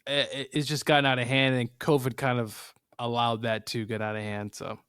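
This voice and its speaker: A laid-back man co-hosts a casual sports podcast and mostly answers with short, easy agreement. His voice is smooth and resonant, recorded dry with no room sound. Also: medium pitch, flat delivery, brisk, a bit bright, no room sound. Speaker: podcast co-host.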